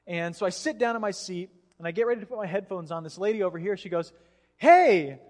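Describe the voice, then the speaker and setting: High-pitched guy preaching, chatty storyteller vibe, long church echo. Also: fast, a little mellow. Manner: casual, chatty, acts out voices in anecdotes. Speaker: pastor. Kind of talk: sermon with storytelling. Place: church hall. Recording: reverberant church hall.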